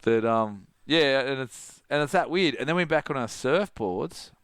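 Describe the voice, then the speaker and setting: Speaking at medium pitch and a measured pace, this man comes through with a little hiss or hum in the recording. He's a middle-aged Australian surf coach telling casual stories on a podcast, animated throughout, laughing often and acting out what his friends said.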